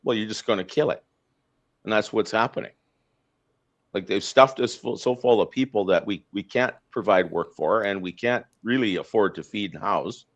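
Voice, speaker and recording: A Canadian man hosting a podcast rants bluntly in casual political chat, full of fillers and restarts. His lowish voice is a bit bright and moves at normal speed, recorded with slightly dull lo-fi sound.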